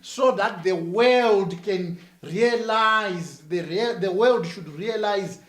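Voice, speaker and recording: A man's voice: sits high, takes it slowly, echoey room. A man with a Zimbabwean accent, a church minister answering interview questions in an emphatic, sermon-like way, repeating phrases with rising force.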